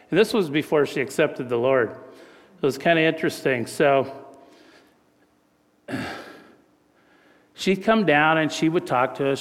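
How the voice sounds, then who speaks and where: A middle-aged man preaching a conversational sermon, telling family stories in a folksy way and often checking in with "right?". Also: mid-range voice. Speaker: pastor. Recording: long reverb of a large hall.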